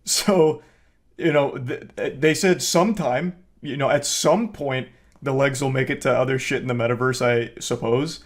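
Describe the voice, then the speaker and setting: Deadpan sarcastic male commentator. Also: medium pitch, a little slow. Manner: deadpan, sarcastic mock-serious jokes. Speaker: online commentator. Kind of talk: casual comedic commentary.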